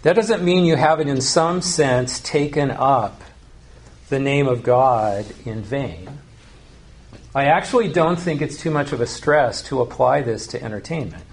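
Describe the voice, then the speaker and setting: A man preaching a sermon, earnest and teaching, slowing down to stress key phrases. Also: medium pitch. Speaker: pastor.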